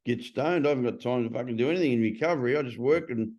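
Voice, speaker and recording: A man's voice: mid-range voice, very fast, a little mellow. An Australian man hosting a casual podcast chat, telling blunt stories with some swearing.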